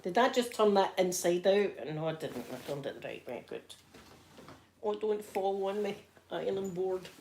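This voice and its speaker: Chatty Glaswegian woman, soft spoken. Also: mid-range voice, animated, normal speed, slight background noise. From Scotland. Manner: chatty storytelling with frequent laughs and soft asides. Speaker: ASMR livestream host. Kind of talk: casual chat.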